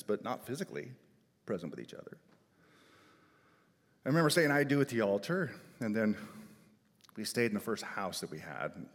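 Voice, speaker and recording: A middle-aged man preaching a sermon with emphatic delivery, swinging between loud declarations and quiet, soft asides. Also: lowish voice. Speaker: pastor. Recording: long hall reverb.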